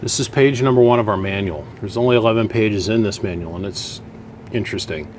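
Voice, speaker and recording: A man's voice: fairly low pitch, a little fast, a little hiss or hum. A man in his home workshop, talking through radio gear in a folksy, chatty way and thinking aloud as he explains. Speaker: radio equipment hobbyist. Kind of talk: casual workshop vlog.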